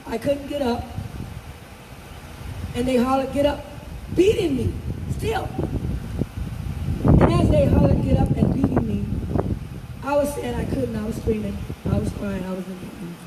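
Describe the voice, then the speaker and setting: A woman's voice: a little high, a little slow, long pauses. An older woman giving an impassioned speech at an outdoor protest rally, emphatic and repeating phrases for effect. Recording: distant, echoey outdoor sound with loud traffic noise.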